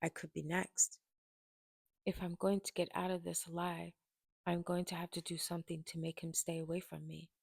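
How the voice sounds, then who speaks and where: A woman reading a first-person memoir aloud, turning dramatic and louder in the quoted scenes. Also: on the low side, little pitch movement, normal speed, creaky, no echo. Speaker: audiobook reader.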